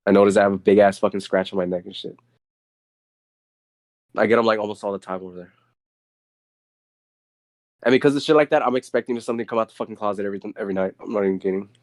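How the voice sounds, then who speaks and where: Man, fairly low voice, podcast co-host, casual chat, blunt, constant swearing and slang. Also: steady tone, fast, pauses often, darkish tone.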